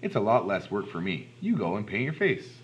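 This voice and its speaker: A man's voice: on the low side, sing-song, brisk, slight background noise. A man doing an offhand, easygoing dad. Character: easygoing father, relaxed and lazy.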